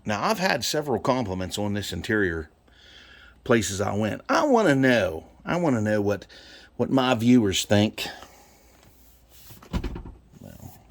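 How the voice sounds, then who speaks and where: A US man rants angrily to his viewers from inside his truck, cursing in a heated, punchy way. His lowish, creaky voice swings widely in pitch, runs a little slow, and leaves long pauses.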